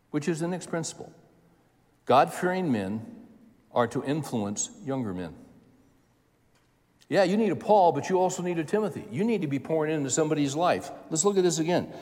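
Man, 70s, preacher; homespun, conversational delivery, a touch high-pitched, echoing hall. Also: darkish tone. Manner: folksy, conversational preaching with repeated phrases. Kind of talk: sermon.

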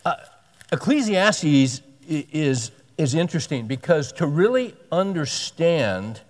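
A man's voice: on the high side, very animated, takes it slowly. A man preaching a sermon in an earnest, conversational way, often repeating and restarting his phrases. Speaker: pastor. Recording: long hall reverb.

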